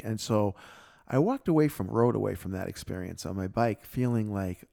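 A middle-aged man co-hosting a podcast, telling a personal story in a casual, reflective way and lively when quoting others. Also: fairly low pitch, moderate pace, gravelly. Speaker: podcast co-host.

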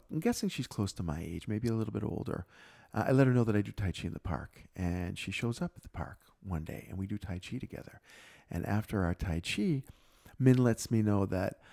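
A middle-aged man co-hosting a podcast, telling a personal story in a casual, reflective way and lively when quoting others. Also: lowish voice, creaky. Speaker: podcast co-host.

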